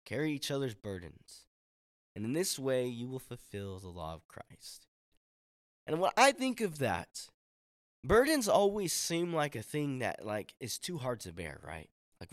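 A man of middle pitch gives a sermon in a loose, chatty way, as if talking with young people he knows. He uses casual slang and acts out the voices of friends he quotes. The sound is close and dry, with no room around it. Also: sing-song, moderate pace, dry recording.

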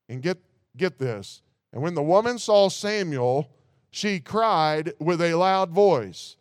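Brief: a male preacher with a high, clear voice, recorded dry and close, reading scripture and questioning the congregation. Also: expressive, measured pace, no echo. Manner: reads scripture aloud, breaks off with rhetorical asides. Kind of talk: sermon.

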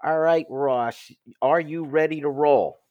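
A man's voice: a little high, slow, no echo, highs cut off. A man hosting a sports talk show, reading ads and listener questions with playful emphasis. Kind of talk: casual sports chat and ad reads.

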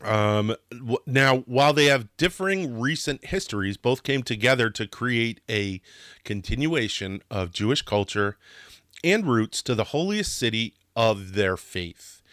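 A man's voice: mid-range voice, expressive, measured pace, fairly bright tone, no room sound. Passionate man narrating history, dry sound. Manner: passionate, gets worked up, swears, restarts sentences. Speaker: history podcast host.

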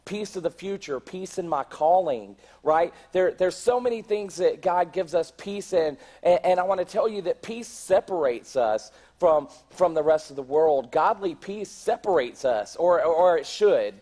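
A man's voice: sits high, lively intonation, a little slow, few pauses, mellow. A middle-aged man gives a sermon in a church, with a slightly raised voice. He talks in a loose, conversational way, stumbling over repeated words and checking in with the listeners. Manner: conversational preaching with repeated restarts and questions to the congregation. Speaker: pastor.

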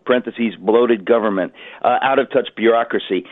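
Animated man on a tinny phone line. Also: mid-range voice, normal speed, no echo. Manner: animated storyteller, acts out voices. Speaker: author guest. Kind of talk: phone-in radio interview.

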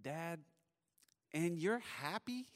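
A man's voice: on the high side, lively intonation, slow pace, long reverb tail, pitched above the performer's own voice. A man voicing his two-year-old daughter, a curious, thoughtful little girl asking wondering questions.

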